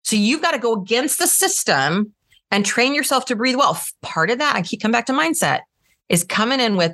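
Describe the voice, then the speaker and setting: With no echo in the audio, a woman teaches trial lawyers in a fairly high, sing-song voice that's pushed and bright. She talks fairly quickly and energetically, performing different tones of voice as part of the lesson.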